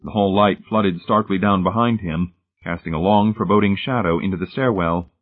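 Male audiobook narrator, low and husky, measured and suspenseful, phone-like lo-fi sound. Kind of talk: scripted narration.

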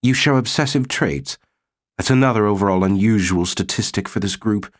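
A man's voice: on the low side, normal speed, natural voice. A man voicing a skinny, pedantic male colony psychologist with a clinical, lecturing manner.

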